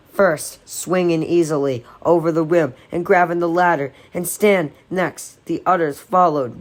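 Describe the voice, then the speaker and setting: A woman reads a novel aloud in a low-pitched voice. Her delivery is unpolished, with small slips she stops to correct. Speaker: audiobook reader.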